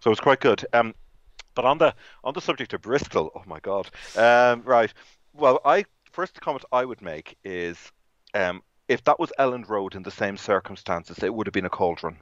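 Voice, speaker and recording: A man's voice: on the low side, moderate pace, a bit bright, no echo, lo-fi sound. A man co-hosting a podcast in casual football chat, rambling with many restarts. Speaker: podcast co-host.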